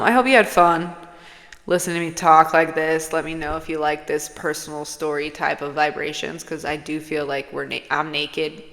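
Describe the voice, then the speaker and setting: A woman's voice: sits low, sharp tone. A woman talking casually to her viewers as a spiritual channeler, rambling, swearing freely and playful. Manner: rambling, profane, playful, drifts into whispers. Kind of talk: casual personal vlog. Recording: long hall-like reverb.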